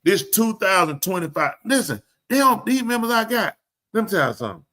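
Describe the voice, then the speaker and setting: A man hosting a live talk show, telling stories in an animated, emphatic way. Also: sits high, brisk, noisy background. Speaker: show host.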